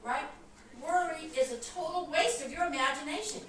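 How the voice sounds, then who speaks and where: A woman's voice: sits high, moderate pace. An older woman minister giving a sermon, telling stories in a chatty, chuckling way. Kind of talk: sermon with a humorous story. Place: spiritual center hall. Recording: echoey hall from far off, room noise.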